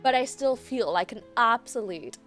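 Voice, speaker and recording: Woman streamer, native french speaker, lively bouncy voice, rambling chatty commentary, faint game music. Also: a little high, moderate pace. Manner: chatty, rambling, laughs easily. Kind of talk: casual gameplay commentary.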